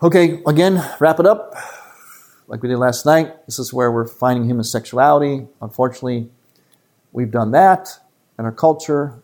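A man, a priest giving a retreat talk to a live audience in an earnest, emphatic way with quick asides. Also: medium pitch, darkish tone.

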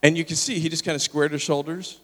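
Male pastor, higher voice, animated story sermon, big hall reverb. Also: quick pace, a little hiss or hum. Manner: animated, acts out the people in his story. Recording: long reverb of a large hall.

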